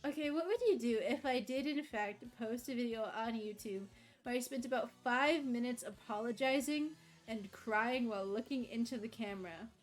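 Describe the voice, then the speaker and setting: A woman's voice: fairly high pitch, normal speed. A woman live-streaming casual chat, rambling, swearing and laughing at herself, tired and overheating. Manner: rambling, self-deprecating, swears and laughs often.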